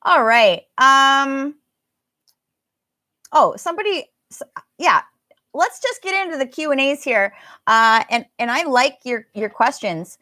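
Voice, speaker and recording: A woman's voice: sits high, animated, measured pace, long pauses, bright, forceful tone, no room sound, clean studio sound. A woman with an American accent teaching a live online pronunciation class, chatting and laughing as she answers viewer comments. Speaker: English teacher.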